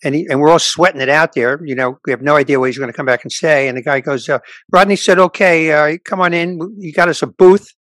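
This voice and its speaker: A man's voice: on the high side, fast talker, hardly any pauses, dry recording. An older male stand-up comedian telling stories in a casual interview, acting out the people he quotes. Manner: animated anecdote teller, quotes people in voices.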